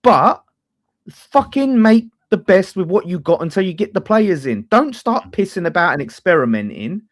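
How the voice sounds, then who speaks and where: A man's voice: high-pitched, moderate pace. A man, hosting a fan channel and arguing about football in a casual, sweary debate. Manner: animated, swears freely, talks over others.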